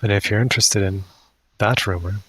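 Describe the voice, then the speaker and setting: A man's voice: fairly low pitch, fairly even intonation, a little fast, fairly bright tone, slight background noise, rough recording. A man running a tabletop game as dungeon master, often laughing as he voices the townsfolk.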